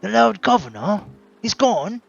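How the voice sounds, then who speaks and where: A man's voice: sits high, very animated, measured pace, creaky, highs cut off, faint music behind, voice pushed up, exaggerated voice. Man doing a Cockney city guard. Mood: gossipy. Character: gossiping male city guard.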